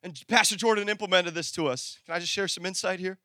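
A man preaching a sermon as pastor, animated, calling out to the congregation, then dropping into low conversational asides. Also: fast, dry recording, clean studio sound. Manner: talks to the congregation directly, conversational.

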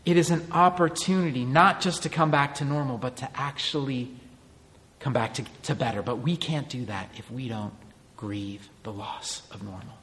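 A man's voice: mid-range voice, normal speed, a bit bright, big-room sound. A man in his thirties, a pastor giving an earnest, conversational sermon full of rhetorical questions.

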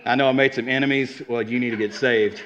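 A man's voice: medium pitch, steady tone, fast talker, a bit bright. A man preaching a sermon in an earnest, conversational way, often repeating himself. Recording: dull lo-fi sound.

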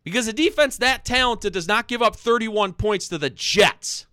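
A man ranting angrily about his football team on a podcast, loud and swearing, repeating himself. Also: high-pitched, clean tone, dry recording. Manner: angry, loud, swearing, fast repeated phrases. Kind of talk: heated sports fan rant.

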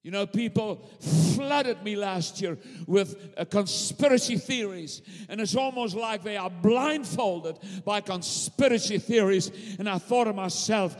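A man preaching a sermon with fervent, rhythmic repetition and drawn-out emphatic phrases. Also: high-pitched. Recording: long hall reverb.

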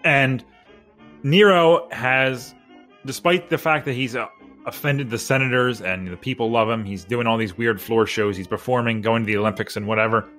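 A man co-hosting a casual history podcast, relaxed and mid-pitched. He rambles through the story with jokes and asides. A little music sits faintly behind him. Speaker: podcast co-host.

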